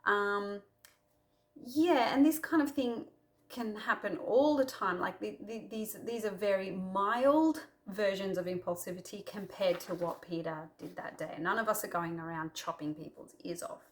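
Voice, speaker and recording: A woman's voice: mid-range voice, a little slow. A woman hosting a casual Christian talk to camera, telling personal stories in a chatty way with lots of fillers. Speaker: Christian video host.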